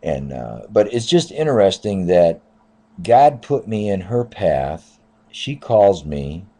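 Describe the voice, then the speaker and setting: A man in his fifties with a low, deep voice tells a story from his taxi rounds. His tone is soft and mellow, and he rambles along casually, stacking up "I said" and "uh" as he goes. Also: very animated, slow pace. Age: 50s. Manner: rambling, repeats "I said" and "uh". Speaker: taxi driver.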